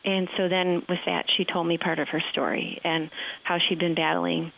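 A woman's voice: on the low side, level tone, normal speed, gravelly, fairly bright tone, dull audio. A woman fly fishing guide telling a heartfelt story in conversation, rambling and emotional with many fillers.

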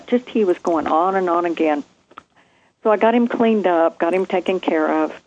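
A woman, a former nurse, telling a vivid story from her training in a lively conversation. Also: on the low side, moderate pace, highs cut off. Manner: animated, vivid storytelling with acted quotes. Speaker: guest, nurse.

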